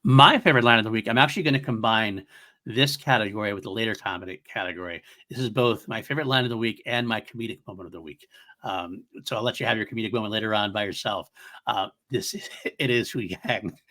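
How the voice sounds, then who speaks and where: A man's voice: fairly low pitch, fast, bright, forceful tone. A man co-hosting a fan podcast, talking eagerly in casual chat and laughing while he retells scenes. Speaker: podcast co-host.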